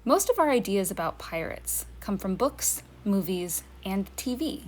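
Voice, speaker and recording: A woman works as a museum educator and narrates a lesson for children. Her voice sits at an ordinary middle pitch. She speaks in a friendly way and keeps turning to her listeners with questions. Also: sing-song, measured pace, a little hiss or hum.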